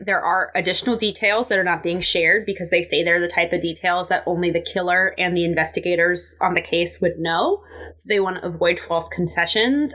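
A woman's voice: lowish voice, a bit bright. A woman co-hosting a podcast in casual chat, talking in a rambling, blunt way with lots of fillers and swearing. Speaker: podcast co-host.

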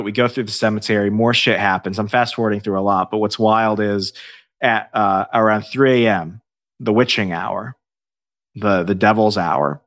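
Male podcast guest, low-ish voice, profane animated storyteller. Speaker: podcast guest, paranormal investigator. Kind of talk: casual storytelling.

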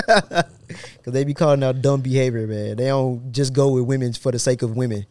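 A man's voice: medium pitch, normal speed, a little mellow, dry recording. A man co-hosting a podcast in casual chat, blunt and joking, often laughing between points. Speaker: podcast co-host.

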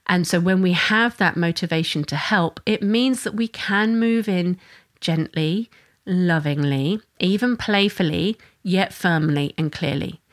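A woman's voice: on the low side, a little slow. A mother and parenting educator giving an earnest, flowing solo talk, often restarting her sentences. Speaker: mother of a young son.

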